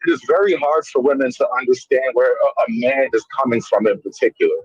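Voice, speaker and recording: A man on a talk panel, insistent and animated, lecturing the other side of the argument over a muffled lo-fi mic. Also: medium pitch, fast talker, slightly rough, dry recording. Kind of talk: debate on a talk show.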